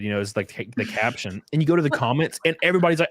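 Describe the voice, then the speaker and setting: A man's voice: racing, hardly any pauses, a bit bright, dry recording, clean studio sound. A young man hosting a casual political livestream, loose and profane, mocking the things he reads out. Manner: loose, profane, mocking, acts out quotes with big pitch jumps. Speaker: livestream host.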